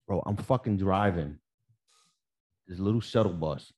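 On a podcast, a male co-host with a low voice tells a work story at a measured pace. It's casual storytelling chat, and he's profane and animated, swearing freely and acting out the dialogue.

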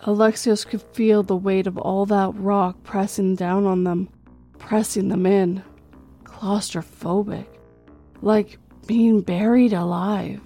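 A woman reading a horror story in a slow, measured storytelling way. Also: mid-range voice, fairly even intonation, mellow, soft background music. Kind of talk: scripted horror narration.

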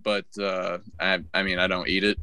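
Deadpan podcast guy, bright voice. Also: low voice, moderate pace, smooth, no echo. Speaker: podcast co-host. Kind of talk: casual chat.

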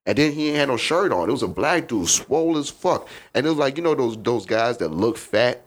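A man's voice: medium pitch, lively intonation, fairly quick. A man from Chicago, a comedian guest in a podcast studio, telling a rambling, profane story in a casual way and often asking "you know what I mean".

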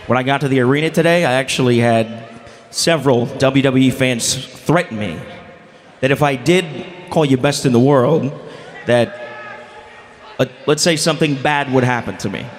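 A man working as a ring announcer, drawing out his introductions in a booming style. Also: slight background noise. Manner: drawn-out booming announcer delivery. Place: large indoor arena. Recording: echoey arena, distant crowd.

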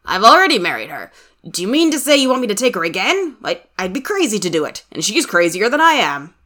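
Woman reading a confused angry husband, blustery, animated. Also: mid-range voice, fast talker. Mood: bewildered. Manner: indignant, blustering questions. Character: bewildered, indignant husband.

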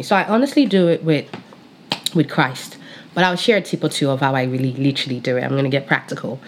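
A young woman hosting a faith podcast as a pastor, chatting casually with a high-pitched, excitable, energetic voice. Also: fast, a little hiss or hum.

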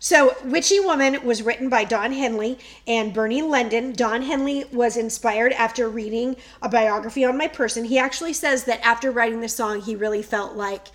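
A middle-aged woman co-hosts a podcast, chatting casually and telling a story with frequent laughter. Her voice is fairly high, her pace moderate, and she hardly pauses at all.

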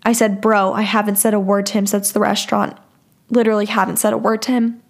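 This young woman hosts a podcast, talking fast in a level, creaky mid-range voice. She candidly recounts a bad relationship and reads out old text messages, sounding frank, profane and exasperated.

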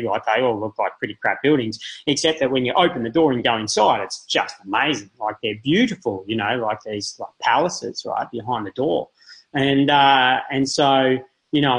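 Husky man telling stories. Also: low-quality recording. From Australia. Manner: animated, acts out quotes in high voices. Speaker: podcast guest, marathon runner. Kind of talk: casual storytelling.

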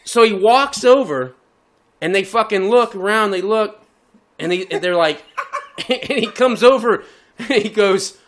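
A man's voice: high-pitched, a little slow. A man co-hosting a podcast in casual chat, telling a story in a profane way and often laughing as he talks. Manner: profane, animated, laughing through his own story. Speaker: podcast co-host.

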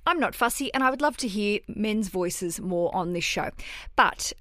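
An Australian woman hosting a podcast, talking in an excitable, straight-talking way and swearing freely. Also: mid-range voice, normal speed, no echo, clean studio sound. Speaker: podcast host. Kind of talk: casual solo podcast chat.

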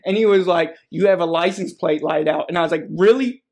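High-voiced male podcast host, profane and laughing storyteller. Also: steady tone, fast talker, a little mellow. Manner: profane, laughing while telling stories. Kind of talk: casual chat, storytelling.

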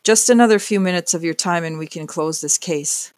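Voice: medium pitch, brisk, no echo, close to an everyday voice. A narrator voicing a stern, skeptical male police detective who speaks formally and evenly.

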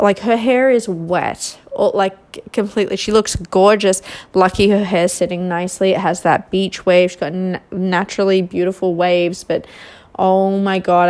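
A young woman with a fairly low voice talks through a reality show recap in loose, casual chat. She is gossipy and chatty, with exasperated asides.

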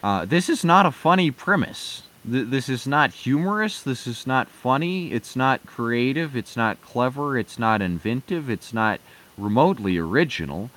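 A man's voice: mid-range voice, animated, normal speed, fairly bright tone. A man ranting in heated, profane commentary, full of fillers and restarts.

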